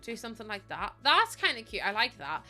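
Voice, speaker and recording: Northern irish girl yapping to her stream chat, giggly, swears a bit, sharp bright tone. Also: a little high, sing-song, brisk, soft background music. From Northern Ireland. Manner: chatty, laughs often, swears. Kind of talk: casual chat to a live stream audience.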